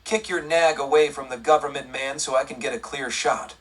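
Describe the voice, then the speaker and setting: Man doing a menacing outlaw, low husky voice, slow and icy, audiobook western, a bit off-mic. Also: steady tone, a bit bright, recorded from a distance. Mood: cold, menacing. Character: cold, menacing male outlaw gunman.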